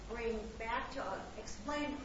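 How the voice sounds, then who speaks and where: A woman's voice: a little high, measured pace. A woman in the class asking a question hesitantly, searching for her words. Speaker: class participant. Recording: distant, echoey and muffled in a room with ambient noise.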